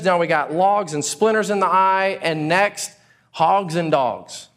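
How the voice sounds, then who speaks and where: A pastor preaching a sermon to a congregation, telling stories with acted-out exclamations. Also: male voice, on the high side, a little slow. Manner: animated storytelling with acted-out exclamations.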